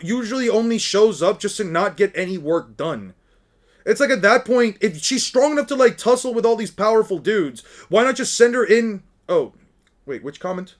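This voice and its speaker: A man with a slightly raised voice reads comic dialogue aloud in an even, plain way. He breaks into casual commentary full of "man" and "dude". His rants get loud and full of swearing. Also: high voice. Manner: reads panels in a flat monotone, then rants loudly with heavy swearing. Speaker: manga reader and reviewer. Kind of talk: reading manga aloud with reaction commentary.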